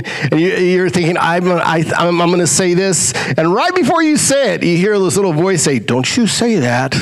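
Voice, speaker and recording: A male pastor preaching a sermon, asking rhetorical questions, swinging between raised, quick lines and low, drawn-out ones.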